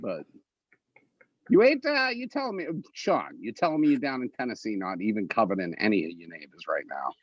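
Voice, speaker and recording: A man's voice: on the low side, big pitch swings, a little fast, dry recording, dull audio. A man doing comedic debate banter from home, brash and profane, rambling as he riffs.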